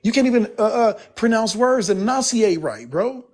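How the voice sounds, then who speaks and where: A man's voice: high-pitched, animated, normal speed, a little mellow. A man, a guest on a live stream, ranting in a profane, emphatic and rambling way after he has been drinking. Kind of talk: heated casual rant.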